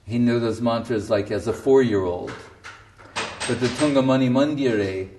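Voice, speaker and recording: A man's voice: medium pitch, normal speed, a little mellow, far from the mic, slight background noise. Emphatic man giving a sermon. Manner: emphatic, storytelling, often laughing. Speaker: spiritual teacher.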